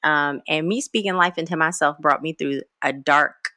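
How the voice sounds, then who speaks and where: A woman co-hosting a faith podcast, talking earnestly about her life and reading a prayer slowly. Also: sits low, sharp tone, no room sound, clean studio sound. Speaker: podcast co-host.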